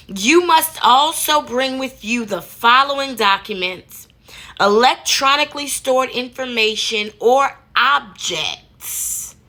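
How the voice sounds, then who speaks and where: A woman's voice: a little high, pushed and bright. A woman hosting a casual commentary, talking in a sassy, colloquial way with laughing asides. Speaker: commentary host.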